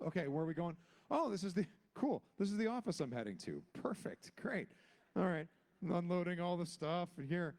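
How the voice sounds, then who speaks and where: Storyteller, man, 40s, lively pitch, slightly high, acts out all the voices. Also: moderate pace. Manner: acts out every character with big pitch jumps. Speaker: guest actor on a convention panel. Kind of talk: animated anecdote telling. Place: convention panel stage.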